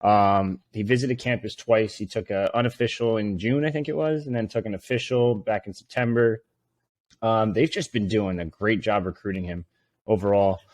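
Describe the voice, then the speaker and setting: A man co-hosting a sports podcast who tells stories in an animated way, swearing and laughing freely. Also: lowish voice, moderate pace, no room sound. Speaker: podcast co-host. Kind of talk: casual sports podcast chat.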